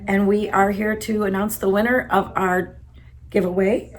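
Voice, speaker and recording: A woman's voice: medium pitch, level tone, normal speed, low-quality recording. A woman hosting a crafting podcast, opening the episode and reading out a giveaway winner. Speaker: podcast host.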